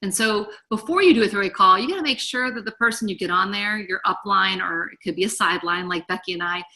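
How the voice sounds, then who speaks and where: A woman's voice: mid-range voice, pushed and bright. A woman leading a group call, coaching her team in an eager, chatty, encouraging way. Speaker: team leader.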